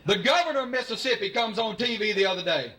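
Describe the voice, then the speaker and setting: Picked up by a stage mic amid crowd noise, a Southern-accented Alabama comic works a college venue with a folksy, drawling, playful set. He talks fast in a high, bright, forceful voice with lively intonation.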